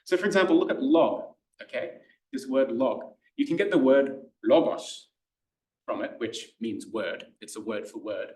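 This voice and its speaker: A man with an Australian accent gives a relaxed, enthusiastic lecture, often restarting phrases and filling pauses. His voice sits at a middling pitch for a man. The sound is roomy and echoey, with the speaker set back from the microphone. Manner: chatty, enthusiastic, lots of fillers and restarts. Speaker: Greek tutor. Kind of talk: classroom lecture. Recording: echoey room, voice somewhat far from the mic.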